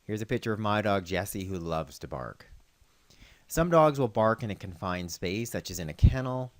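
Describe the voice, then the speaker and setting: A man working as a veterinarian host, explaining dog training in a calm, instructional way. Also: lowish voice, moderate pace, no room sound. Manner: calm instructional, calling dogs loudly and praising them. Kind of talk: scripted narration with outdoor demonstration.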